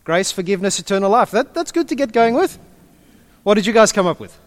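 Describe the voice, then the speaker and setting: Brief: male pastor, high voice, playful and quick with the crowd. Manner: jokey, animated, quick asides. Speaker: pastor leading a group session. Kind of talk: interactive church teaching.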